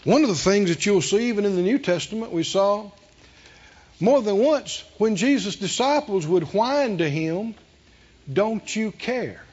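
A man's voice: high-pitched, expressive, normal speed, darkish tone, slightly rough, dull audio. A man preaching a sermon, emphatic and repeating his phrases, with call-and-response to the congregation. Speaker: pastor.

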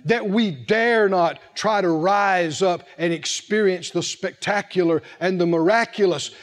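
A man preaching a sermon in an animated, humorous way, laughing often and calling out to the congregation. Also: high voice, measured pace.

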